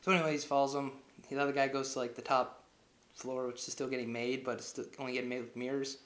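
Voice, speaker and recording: A man's voice: mid-range voice, little pitch movement, fast, a bit bright. Young male reviewer retelling a plot casually and loosely, recorded in an echoey room. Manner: rambling, heavy on filler words. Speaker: movie reviewer. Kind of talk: casual movie recap.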